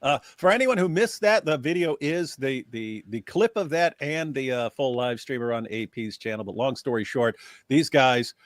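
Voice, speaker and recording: A man co-hosting a livestream, telling anecdotes in a casual, lively way, his pitch swinging widely. The sound is dry and close, with no room echo. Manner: animated storytelling, quick asides. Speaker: livestream co-host. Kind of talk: casual chat.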